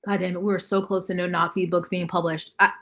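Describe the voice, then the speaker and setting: A woman's voice: fairly low pitch, little pitch movement, fast, a bit bright. A young woman hosting a casual livestream, bluntly reacting to chat comments and swearing freely. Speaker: livestream host.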